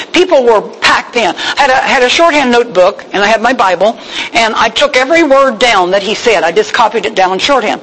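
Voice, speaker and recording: A woman's voice: fairly high pitch, a bit bright, rough recording. Folksy woman giving heartfelt testimony. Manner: emotional, folksy storyteller with many fillers. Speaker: speaker at a women's church gathering. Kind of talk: personal testimony talk.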